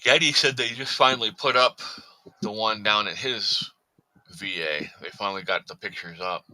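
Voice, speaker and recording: A man's voice: on the low side, normal speed, sharp tone, dry recording, rough recording. A man hosting a casual livestream, chatting, reading viewer comments and talking to his cat. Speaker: livestream host.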